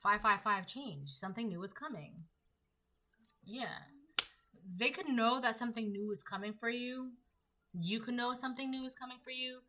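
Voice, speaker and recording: A woman doing a tarot reading, bright and forceful, pushing the same point again and again. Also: a little high, normal speed, slight background noise, poor audio. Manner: emphatic, repetitive rhetorical questions. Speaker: tarot reader. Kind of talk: collective tarot reading monologue.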